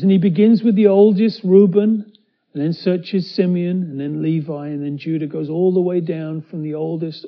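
A man preaching a sermon, retelling a scripture story with dramatic swings from loud to hushed as he voices the characters. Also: high voice, lo-fi sound.

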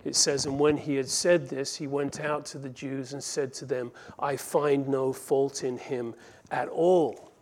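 A man teaching a Bible passage verse by verse, in an earnest way that slows down to stress key phrases. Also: medium pitch, flat delivery, a little mellow. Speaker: pastor.

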